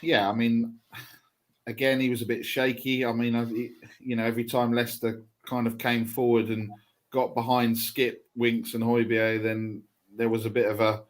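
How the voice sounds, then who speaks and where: A man's voice: mid-range voice, level tone, normal speed. A man chatting about football on a fan podcast, rambling with lots of fillers and small laughs. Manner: rambling, filler-heavy, laughs at his own remarks. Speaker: podcast panelist. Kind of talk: casual football chat.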